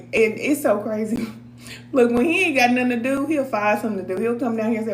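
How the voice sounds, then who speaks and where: A woman's voice: fairly high pitch, lively intonation, a little fast, roomy sound, a little hiss or hum. A woman, chatting casually on a live stream, laughing often and reading viewer comments aloud. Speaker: spiritual advisor reading cards for a live chat.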